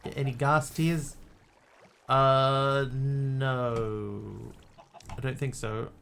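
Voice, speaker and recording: A man with a gravelly, fry-edged voice talks his way through a game stream, musing aloud and greeting viewers in his chat. Faint noise and mouse clicks sit under his desk-mic voice. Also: mid-range voice, flat delivery, extremely slow, a bit bright. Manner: chatty, talks to himself and thanks chat. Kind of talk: casual live game commentary.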